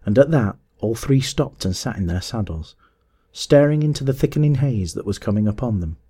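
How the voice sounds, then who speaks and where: A man narrating a classic adventure story as an audiobook, in a measured storytelling manner. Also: mid-range voice, slightly rough. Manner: measured, even storytelling that rises to shouts in dialogue.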